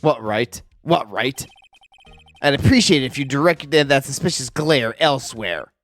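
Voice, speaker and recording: A man's voice: mid-range voice, expressive, normal speed, fairly bright tone, faint music behind, pitched below the performer's own voice. A man voicing a cold, haughty male prosecutor with a clipped, stern delivery.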